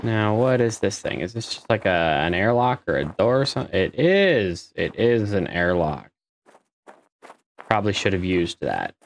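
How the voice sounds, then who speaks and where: A man's voice: on the low side, big pitch swings, normal speed, vocal fry, slight background noise. A man giving casual let's-play commentary, muttering to himself as he works things out and swearing when frustrated. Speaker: gamer playing a space survival game.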